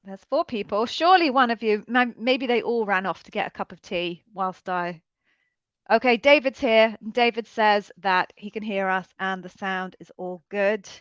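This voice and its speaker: A woman's voice: medium pitch, moderate pace, clear, resonant tone, dry recording, muffled recording. A woman co-hosting a live coaching stream, chatting casually and laughing at herself as she waits for viewers. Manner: chatty, self-deprecating, laughs easily.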